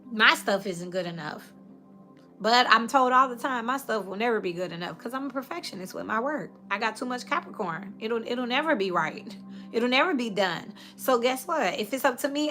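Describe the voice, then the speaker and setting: A woman's voice: a little high, pushed and bright. A woman giving a casual tarot reading, talking in a chatty, direct, coaching way. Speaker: tarot reader.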